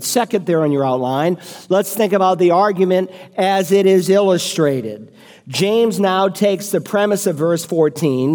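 Male pastor, high-pitched, emphatic rhetorical sermon delivery, long church reverb. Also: darkish tone. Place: church sanctuary.

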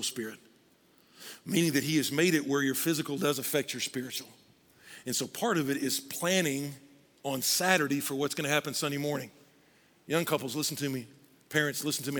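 A man preaching a sermon as pastor, animated, often shouting and acting out voices. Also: medium pitch, long reverb tail.

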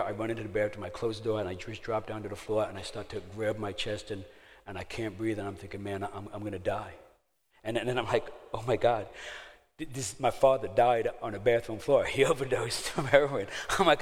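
A middle-aged man telling a personal testimony in a sermon, laughing at himself and then going hushed and prayerful. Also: mid-range voice. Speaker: speaker sharing a testimony. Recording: long hall reverb.

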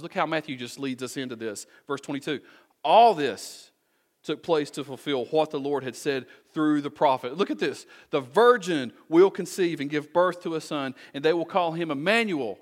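A man preaching a conversational sermon, asking rhetorical questions and making folksy asides to the congregation. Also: mid-range voice. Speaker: pastor.

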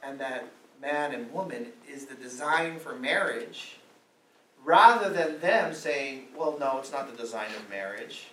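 A man's voice: mid-range voice, expressive, measured pace, fairly bright tone. Man preaching from afar in an echoey hall. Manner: emphatic preaching with repeated rhetorical questions. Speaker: pastor. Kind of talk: sermon. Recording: roomy echo, mic at a distance, faint ambience.

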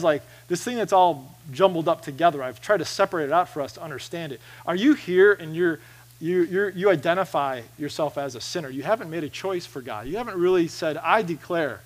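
A man preaching a sermon in a church, earnest and conversational, often restarting his sentences as he roams the stage. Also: fairly high pitch. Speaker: pastor. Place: church sanctuary.

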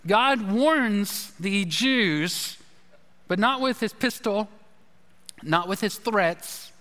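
A man's voice: high-pitched, animated, extremely slow, pushed and bright. A man preaching a sermon in a loose, conversational way, telling stories with asides to the congregation. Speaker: pastor. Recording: long reverb of a large hall.

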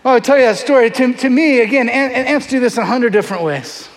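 A middle-aged man, a pastor, telling a story in a sermon with lively, animated delivery, often acting out voices. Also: very high-pitched, quick pace, slight background noise. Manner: animated, acts out voices in his stories. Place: large church hall. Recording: long hall reverb.

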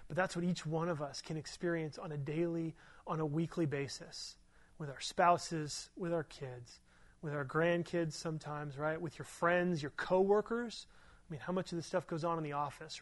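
Earnest high-voiced male pastor preaching. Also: a bit bright. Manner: conversational, earnest storytelling with rhetorical questions. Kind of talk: sermon.

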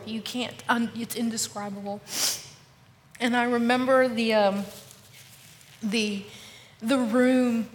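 A woman earnestly sharing her personal faith testimony as a podcast guest, often dropping to a soft, hushed voice and calling listeners y'all. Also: on the high side, steady tone, takes it slowly, pauses often, long reverb tail, slight background noise.

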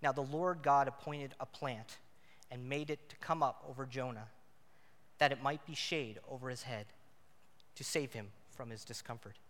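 Married male preacher, bright and forceful, sermon in a church with a long hall reverb. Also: mid-range voice, steady tone, normal speed. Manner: dynamic, swings from loud emphatic to quiet intimate.

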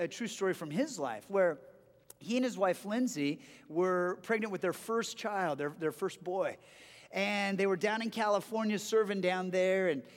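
A man's voice: sits high, in a large hall. A man who is a pastor, preaching a sermon in a conversational way, often restarting his phrases.

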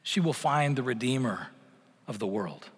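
A man's voice: medium pitch, animated, moderate pace, husky. Middle-aged male preacher in echoing church. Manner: swells loud on promises, drops to a near-whisper at the close of phrases. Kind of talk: sermon. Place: church sanctuary. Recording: long church reverb.

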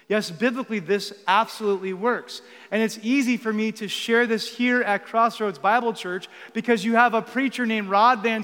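A man's voice: high-pitched, a bit bright. A man preaching a sermon to a church congregation, teaching and asking questions, then building to emphatic passages. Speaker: guest preacher. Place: church sanctuary. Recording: long reverb of a church hall.

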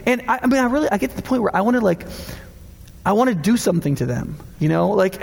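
A man's voice: high-pitched, brisk, vocal fry, a little mellow. A man preaching as a pastor in a casual, conversational sermon, acting out the voices of people he quotes. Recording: long hall reverb.

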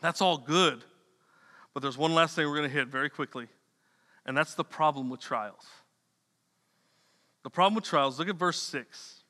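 A man's voice: a little high, moderate pace, long pauses, pushed and bright. A man preaching a sermon in a loose, conversational way, repeating words and dropping slangy asides. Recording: long reverb of a hall.

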